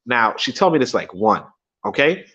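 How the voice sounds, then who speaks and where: A young man tells stories on a casual livestream. His pitch swings all over as he rambles, swears and repeats himself. The stream audio is dull and lo-fi. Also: sing-song, normal speed, sharp tone, slightly rough. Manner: rambling, profane, laughs often, repeats himself. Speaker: livestream host.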